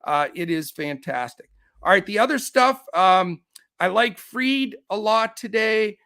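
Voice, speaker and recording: Upbeat, high-voiced man. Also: animated, bright, forceful tone, no room sound, clean studio sound. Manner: quick, upbeat, many fillers. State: out of breath. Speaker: fantasy sports host. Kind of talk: live-stream picks rundown.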